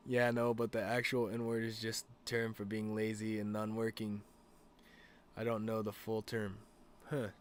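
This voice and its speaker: A man's voice: fairly low pitch, monotone, measured pace, a little hiss or hum. A young man streaming and chatting casually, rambling with lots of fillers, restarts and swearing. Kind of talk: casual chat.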